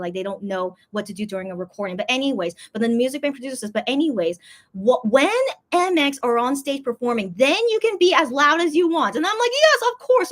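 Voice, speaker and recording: A woman vlogger telling a story in casual chat, rambling with lots of fillers and squealing high when she quotes others. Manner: rambling, heavy use of "like" and "okay?", acts out others in high squeals.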